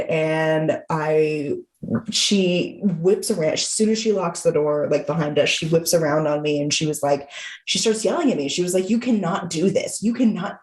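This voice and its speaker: A woman's voice: low voice, a little mellow, roomy sound. A young woman co-hosting a podcast, telling a story in casual, rambling chat and acting out quotes in a raised voice. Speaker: podcast co-host.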